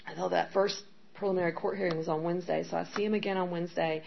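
A woman's voice: on the low side, fairly even intonation, racing, creaky. A middle-aged woman candidly telling her recovery story as personal testimony, rambling with many fillers. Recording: dull lo-fi sound with faint background noise.

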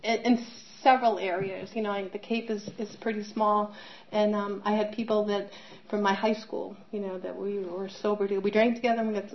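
A woman's voice: mid-range voice, little pitch movement, a little fast, highs cut off. A middle-aged woman telling her personal recovery story, candid and conversational, with many fillers and restarts. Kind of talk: personal testimony talk.

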